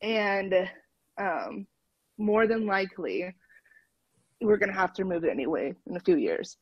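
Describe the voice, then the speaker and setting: A woman's voice: mid-range voice, lively intonation, measured pace, husky, no room sound, dull audio. A woman guest on a podcast, chatting casually and laughing often as she tells a story over a call. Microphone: phone call.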